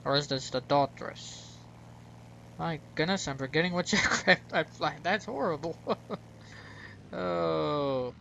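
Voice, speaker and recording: American guy doing gameplay commentary, kinda gravelly, a bit higher voice, rambles and laughs at himself. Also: takes it slowly, pauses often, pushed and bright, slight background noise, poor audio. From United States. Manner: rambling, self-mocking, chuckles at his own mistakes. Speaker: gaming channel host.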